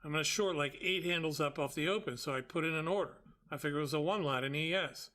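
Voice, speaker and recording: A man hosting a trading show, retelling a story with quoted dialogue in an exasperated, quick way. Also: a little high, a bit bright. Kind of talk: animated storytelling.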